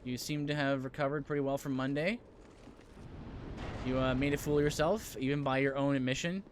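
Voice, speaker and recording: A man's voice: medium pitch, steady tone, brisk. Casual guy streaming a game, chatting with viewers, ums and side comments, noisy background. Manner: chatty, reads and answers viewer chat, frequent fillers. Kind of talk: casual live-stream chat while playing.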